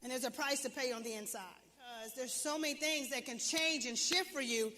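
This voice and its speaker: A woman's voice: high voice, a little fast, sharp tone, in a large hall. A woman coach giving a motivational talk to an audience, emphatic and preachy, firing off repeated questions. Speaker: business and wealth coach.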